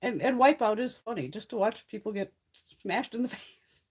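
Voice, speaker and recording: With a slightly rough voice on the high side and a moderate pace, a woman runs a casual beauty livestream from her mountain home. She's blunt with viewers, swears without restraint and laughs frequently.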